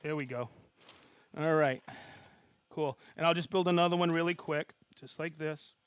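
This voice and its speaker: His voice is a little high and his pace moderate as he runs a live woodworking tool demo, excitable and homespun, greeting viewers and tossing in "okay?" often. The tone is clear and resonant, with no room sound.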